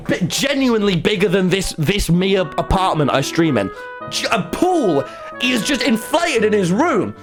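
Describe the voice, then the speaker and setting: A young man spins a rambling tale to his stream chat, swearing as he goes. His pitch leaps up and down, and faint music plays softly behind him. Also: a little slow. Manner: animated, rambling, swears often. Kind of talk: live-stream storytelling to chat. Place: home streaming room.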